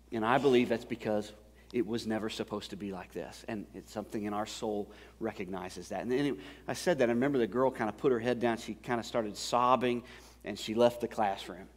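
A male pastor preaching a sermon, moving from easygoing storytelling to loud, emphatic preaching. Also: mid-range voice. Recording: long hall reverb.

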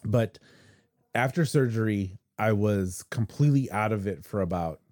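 A man with a low, mellow voice talks casually on a podcast. He tells his story haltingly, often stopping to restart his sentences, recorded dry and close. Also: no echo. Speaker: podcast co-host. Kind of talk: casual conversation.

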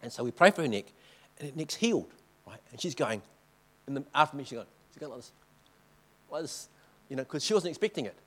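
A man's voice: mid-range voice, very animated, quick pace, pauses often, fairly bright tone. A man giving an informal church talk with slides, telling stories from the mission field and often checking in with the audience. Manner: chatty, keeps checking in with the audience. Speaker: missionary speaker.

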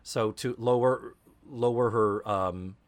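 A man co-hosting a podcast in casual chat, an animated storyteller who swears freely. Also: mid-range voice, slow. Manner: animated storyteller, swearing, slips into mock Cockney quotes. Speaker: podcast co-host.

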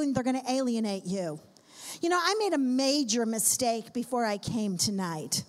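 A woman's voice: high voice, lively intonation, normal speed. A woman speaking at a women's conference, preaching emphatically to a live audience and building her points in repeated lists. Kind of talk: sermon.

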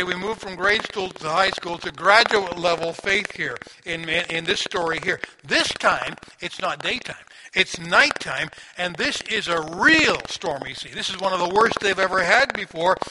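A man preaching a sermon in a conversational, animated storytelling manner, asking the listeners questions. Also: sits high. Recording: audible background noise.

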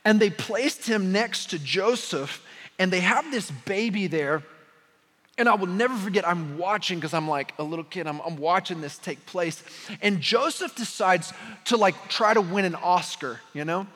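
A young man preaching a sermon with a high, bright voice and a husky edge. He moves between easy storytelling and impassioned preaching. The long reverb of a large hall trails every phrase. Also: expressive, moderate pace. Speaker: pastor.

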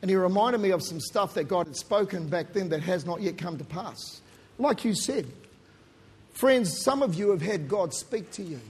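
A middle-aged pastor from New Zealand preaches a sermon built around his own story, speaking at a moderate pace in a husky, breathy voice that's fairly high for a man. His delivery swings animatedly, climbing to loud emphasis before dropping into quiet asides, and his New Zealand accent is clearly audible.

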